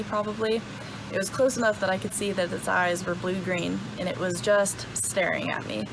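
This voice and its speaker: Young woman retelling, gravelly voice. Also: medium pitch, moderate pace, noisy background. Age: young adult. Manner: relaxed, with many ums and uhs. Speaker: hunter telling her story. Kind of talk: casual retelling to camera.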